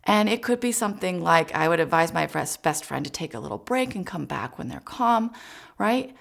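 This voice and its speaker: Gravelly-voiced woman teaching parents gently. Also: lowish voice, animated, normal speed. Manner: gentle, encouraging, speaks directly to parents. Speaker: child psychologist. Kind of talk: instructional parenting talk.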